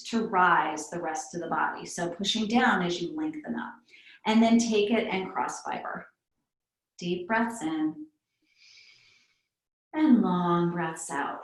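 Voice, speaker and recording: A woman with young kids teaching a pilates class. She gives calm counted breathing cues and adds chatty asides. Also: medium pitch. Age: adult with young kids. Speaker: pilates instructor. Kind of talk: guided fitness class instruction. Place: fitness studio. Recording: echoey room.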